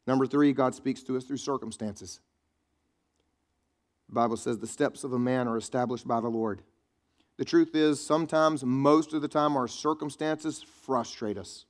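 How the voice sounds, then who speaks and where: A pastor preaching a sermon in a chatty, joking way, teasing the congregation. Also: male voice, medium pitch, normal speed. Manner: conversational preaching with quips to the congregation.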